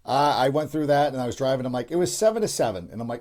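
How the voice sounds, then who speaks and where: A man's voice: medium pitch, expressive, very fast, darkish tone. A middle-aged man hosting a sports podcast, talking casually and rambling with many restarts. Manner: rambling, frequent restarts and fillers. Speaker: podcast host.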